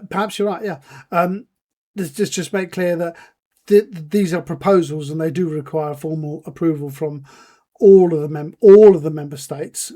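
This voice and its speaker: A man co-hosting a podcast in casual chat, laying out facts in a measured, informative way with filler words. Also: fairly high pitch, dark tone. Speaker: podcast co-host.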